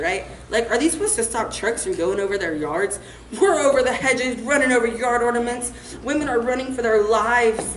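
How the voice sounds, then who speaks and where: A young performer giving a comic stage monologue in a rambling, slangy, deadpan-boasting way. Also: female voice, fairly high pitch. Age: teens to young adult. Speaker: student performer. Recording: echoey room, faint noise.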